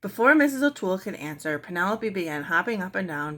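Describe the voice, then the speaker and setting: A woman reading a children's book aloud in a gentle storytelling manner. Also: medium pitch, lively intonation, brisk, hardly any pauses. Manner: gentle storytelling, clears throat now and then. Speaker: reader.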